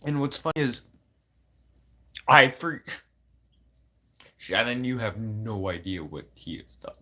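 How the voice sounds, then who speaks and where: A man's voice: expressive, slow pace. Agitated man venting raw. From Manitoba, Canada. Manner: agitated and raw, swears a lot, swings from loud outbursts to low mutters. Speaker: vlogger. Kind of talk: casual unscripted venting to camera.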